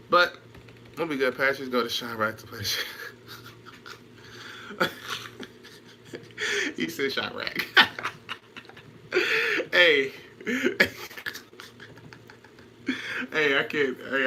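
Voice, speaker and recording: A man's voice: a little high, expressive, slow, long pauses, pushed and bright, a little hiss or hum. A man in casual chat on a stream, trash-talking, laughing and repeating himself while answering comments.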